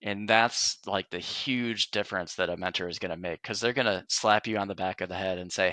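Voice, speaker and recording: A man's voice: low-pitched, steady tone, fairly quick, hardly any pauses, pushed and bright, no echo. A man talking about his career as a podcast guest, earnest and reflective, with frequent fillers and restarts. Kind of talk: casual interview conversation.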